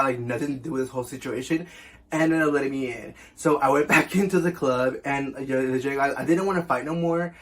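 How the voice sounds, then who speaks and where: A young man telling a casual storytime as a vlogger, chatty and full of fillers, swearing often. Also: mid-range voice.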